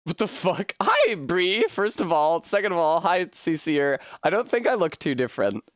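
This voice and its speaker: A man's voice: high-pitched, wildly swooping pitch, moderate pace, fairly bright tone, no room sound, clean studio sound. A man live-streaming from a room at home, chatting casually with his viewers, laughing often and swearing freely. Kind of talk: casual live-stream chat while gaming.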